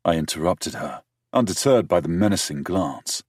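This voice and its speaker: A male audiobook narrator with a very deep, husky voice reads a first-person romance in a dry, measured way, dropping wry asides. His delivery rises and falls with plenty of lively melody, and the close studio recording sounds completely dry. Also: no room sound.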